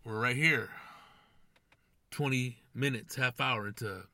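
A man's voice: mid-range voice, slow pace, sharp tone, no echo. A young man hosting a podcast, rambling casually with constant swearing and slang. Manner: profane, rambling, slangy, says "dude" and "man". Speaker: podcast host. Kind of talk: casual monologue.

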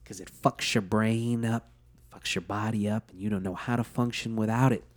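A man's voice: fairly low pitch, fairly even intonation, normal speed. Joking, profane man in his twenties. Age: 20s. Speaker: podcast host. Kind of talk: casual chat.

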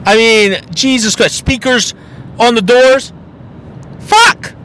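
A young man with a fairly high voice tells a casual, swear-filled story as a podcast host. He talks in an animated way and slips into other people's voices as he goes. His manner is loose and conversational, like a friend recounting his week. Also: a little slow, a little hiss or hum.

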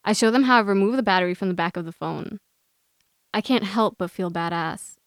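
Young woman guest reading her own story, smooth and clear voice, close and dry. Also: mid-range voice, a little fast, no echo. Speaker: guest author. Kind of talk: reading a personal essay aloud.

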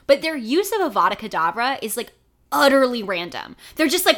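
Sarcastic woman with a lively voice. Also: on the high side, fairly quick. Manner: sarcastic, swears, exasperated asides. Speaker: podcast co-host. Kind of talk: casual chat.

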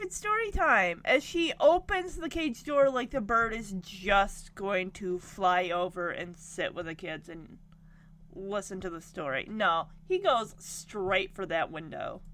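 A young woman casually recapping a TV episode, with animated and indignant storytelling. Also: medium pitch, measured pace. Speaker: TV show recapper.

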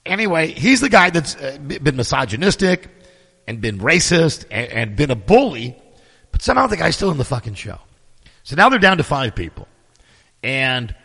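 A middle-aged man hosting his podcast, telling stories in a sarcastic, profane, animated casual monologue. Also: mid-range voice, creaky, husky, big-room sound. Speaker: podcast host.

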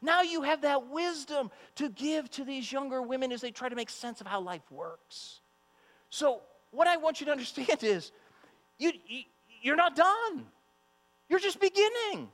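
A man's voice: very high voice, expressive, moderate pace, fairly bright tone. A man preaching a sermon to the women of a congregation, emphatic and fond of repeating his phrases. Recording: long hall reverb with mains hum.

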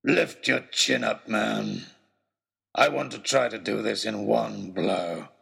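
A man's voice: fairly low pitch, takes it slowly, gravelly, fairly bright tone, slightly rough, voice pushed down, heavily acted. A man doing a snarling savage villain. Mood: menacing. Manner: snarling, menacing. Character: savage murderous adult male villain.

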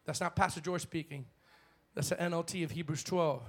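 A male pastor preaching a bold sermon in church, swinging from shouted lines to hushed ones. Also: on the high side, fairly quick.

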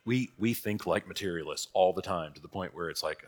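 A man's voice: low-pitched, brisk. A man teaching a church catechism class in a casual, conversational way, asking rhetorical questions and laughing at his own asides.

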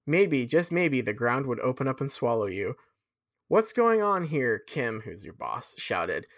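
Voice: medium pitch, normal speed, dry recording, studio quality. A podcast host reading fan fiction aloud with dramatic flair, breaking off for sweary asides.

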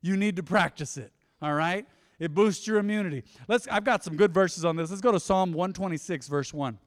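Animated pastor in a reverberant church. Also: male voice, high voice, a little fast. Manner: animated, swings from loud exhortation to soft asides. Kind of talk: lively sermon. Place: church sanctuary.

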